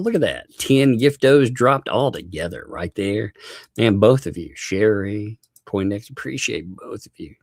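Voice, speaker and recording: A man's voice: lowish voice, dry recording, clean studio sound. A man hosting a live stream, chatting casually, laughing often and thanking viewers by name.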